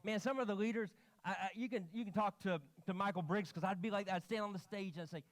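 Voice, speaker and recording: A pastor delivers a lively sermon in a church, his voice pitched a little high for a man. He tells stories with animated energy and acts out the people he quotes. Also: fast, few pauses. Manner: animated storytelling, quoting himself and others. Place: church sanctuary.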